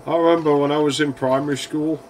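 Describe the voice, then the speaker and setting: In this casual gameplay commentary, the young host of a gaming channel recounts a school story while playing an old console game, often laughing and swearing freely. He speaks quickly in a slightly high, steady voice, with slight background noise.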